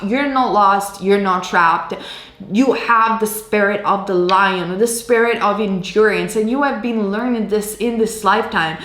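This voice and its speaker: A woman's voice: medium pitch, fairly bright tone. A woman giving a tarot reading to her viewers, reassuring and emphatic, often repeating her words. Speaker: tarot card reader. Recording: roomy echo.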